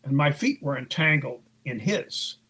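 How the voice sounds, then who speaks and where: In poor audio, a man with a husky mid-range voice sounds animated yet a little slow, bright and forceful. He's an author in an interview, rambling through a long conversational story with frequent fillers and restarts while acting out others' words in raised voices.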